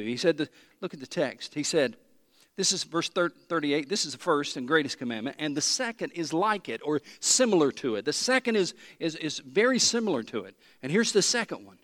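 High-voiced male pastor preaching. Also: big pitch swings, a bit bright. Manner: emphatic preaching, slows and repeats key phrases. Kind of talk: sermon. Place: large church hall. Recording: long hall reverb.

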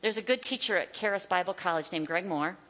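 A woman's voice: on the low side, expressive, quick pace, sharp tone. A woman teaching a sermon in an emphatic way, repeating her key phrases. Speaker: Bible teacher. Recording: long hall reverb.

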